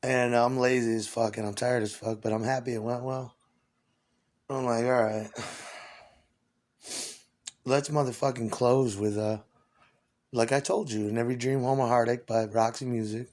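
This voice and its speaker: A man who sings on tour, hoarse from weeks of screaming, telling rambling, profane stories and acting out both sides of conversations. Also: mid-range voice, normal speed, long pauses. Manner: animated, swears constantly, acts out exchanges. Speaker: touring singer.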